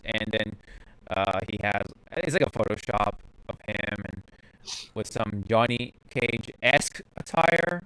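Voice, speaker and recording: A man's voice: lowish voice, unhurried, bright, forceful tone, clean tone, no echo, poor audio. A man hosting a podcast in casual chat, rambling with lots of fillers and restarts. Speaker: podcast host.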